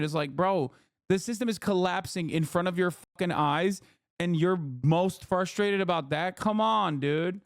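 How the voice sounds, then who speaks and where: A man's voice: sits high, normal speed, clear, resonant tone, no echo. A man reacting to a video as a streamer, ranting in casual, profane, sarcastic commentary on a close mic.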